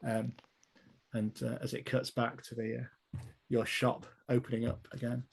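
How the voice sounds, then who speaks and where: A man's voice: medium pitch, completely flat delivery, a little slow, gravelly, husky. Chatty man narrating a tabletop game. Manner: laughing, loose storytelling with fillers. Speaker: game master.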